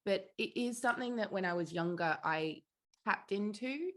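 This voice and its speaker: A woman's voice: mid-range voice, animated, normal speed. Jet-lagged Australian woman chatting. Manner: laid-back, giggly, rambling. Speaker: guest, spiritual teacher and writer. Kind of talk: casual interview chat.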